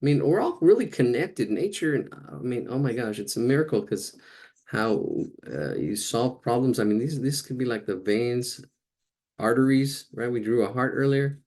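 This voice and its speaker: A man's voice: medium pitch, animated, moderate pace, darkish tone. A man teaching a casual live drawing lesson, chatting and thinking aloud as he sketches.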